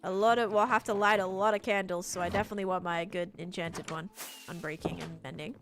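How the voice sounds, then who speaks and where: A woman's voice: lowish voice, steady tone, quick pace, music in the background. A young woman from Australia with an Australian American accent, casually chatting on a gaming stream while answering chat and describing what she builds. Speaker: live streamer. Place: home room with her PC.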